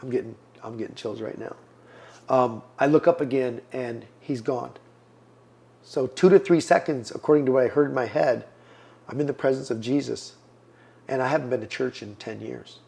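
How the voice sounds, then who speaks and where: A man's voice: mid-range voice, normal speed, gravelly, dark tone. Earnest man in his fifties telling a story. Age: 50s. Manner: earnest storyteller, acts out quoted lines. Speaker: podcast guest. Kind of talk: personal testimony in an interview.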